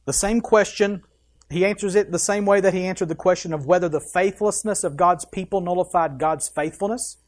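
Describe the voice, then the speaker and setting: A pastor preaching a sermon, reading scripture aloud with emphasis and breaking off for quick asides. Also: mid-range voice.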